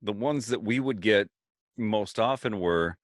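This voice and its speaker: A man's voice: on the low side, unhurried, dry recording, studio quality. A man co-hosting a podcast in casual chat, telling stories and mimicking voices. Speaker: podcast co-host.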